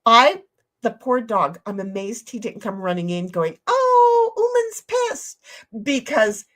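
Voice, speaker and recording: A woman's voice: medium pitch, animated, unhurried, bright, forceful tone. A woman co-hosting a casual livestream chat, blunt, profane and playful. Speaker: stream co-host.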